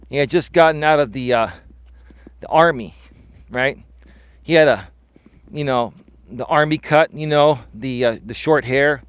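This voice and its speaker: A middle-aged man tells a story from his past on a casual live stream, walking outdoors with a phone mic. His voice sits a little high for a man, and the sound is close and dry with no room echo. He talks in an animated way, acts out the people he quotes, and swears casually. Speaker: life coach and host.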